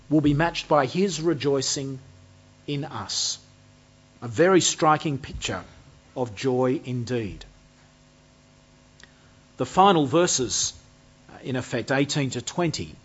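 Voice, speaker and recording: A man preaching a sermon in a measured, expository way, slowing down to stress key phrases. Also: medium pitch, breathy edge, lo-fi sound.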